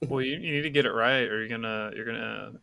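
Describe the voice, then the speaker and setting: A male podcast host with a gravelly, bright voice, recorded dry and close. He asks easygoing, curious questions in a casual interview. His pitch sits in the middle range. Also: fast talker, no echo.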